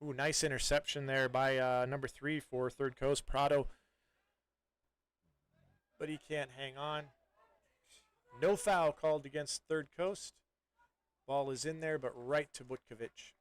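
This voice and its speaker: A man doing live play-by-play soccer commentary in a relaxed, chatty way, with many fillers and restarts. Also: mid-range voice, a little slow, long pauses, clean tone, no room sound.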